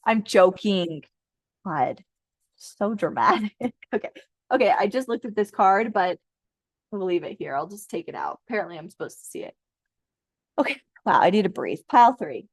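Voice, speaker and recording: A woman's voice: mid-range voice, lively intonation, normal speed, long pauses, breathy edge, no room sound. A woman in her thirties doing a casual tarot card reading for viewers, talking in a playful way and joking and swearing as she goes. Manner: chatty and playful, jokes, laughs and swears often.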